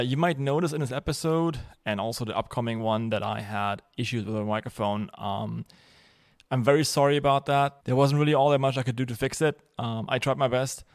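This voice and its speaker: A man's voice: mid-range voice, fairly even intonation, normal speed, vocal fry. A man from Germany hosting a podcast, talking in a chatty, joking way with lots of fillers. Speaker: podcast host. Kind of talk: casual podcast interview.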